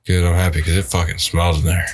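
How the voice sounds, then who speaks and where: A young man co-hosting a podcast in casual chat, blunt and profane with deadpan humor. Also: low voice, fast, slight background noise. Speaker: podcast co-host.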